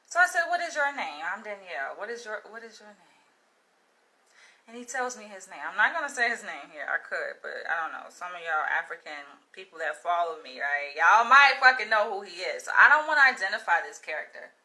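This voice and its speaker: A woman from Florida telling a story to her followers in a casual vlog, blunt and profane, with an animated delivery. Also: mid-range voice, fairly quick, rough recording. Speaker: vlogger.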